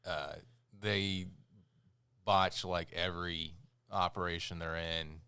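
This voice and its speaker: A man's voice: sits low, steady tone, slow pace, pushed and bright, clear, resonant tone, dry recording, clean studio sound. A man co-hosting a podcast, reviewing a movie in casual chat with a rambling, sarcastic manner, acting out scenes. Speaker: podcast co-host.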